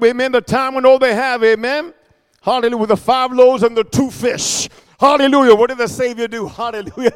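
A man preaching a sermon, animated, with constant call-and-response amens and hallelujahs. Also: very high-pitched. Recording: echoey hall.

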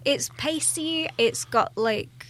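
A woman's voice: high-pitched, slow pace. A British woman, a radio co-host, giving thoughtful, opinionated views on books. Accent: British English. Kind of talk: casual chat.

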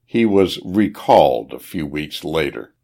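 A man reading a spy story aloud in a measured, dramatic way. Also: a bass voice, sing-song, vocal fry, mellow. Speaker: narrator.

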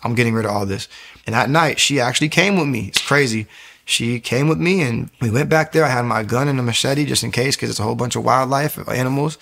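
Gravelly man telling a fervent testimony. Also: mid-range voice. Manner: fast, animated storytelling, acting out quotes. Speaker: guest giving testimony. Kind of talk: emotional personal testimony.

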